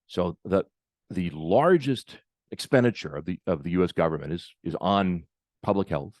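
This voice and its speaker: Low-voiced American man giving a keynote. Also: lively intonation, darkish tone, no echo, clean studio sound. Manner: halting, repeats words often. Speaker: keynote speaker. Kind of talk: conference keynote talk.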